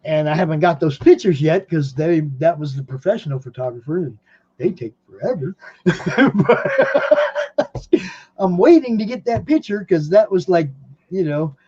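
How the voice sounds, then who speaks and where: A man's voice: fairly high pitch, lively intonation, normal speed, warm tone, breathy edge, dull audio. A man hosting a podcast from home in rambling casual chat, laughing often. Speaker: podcast host.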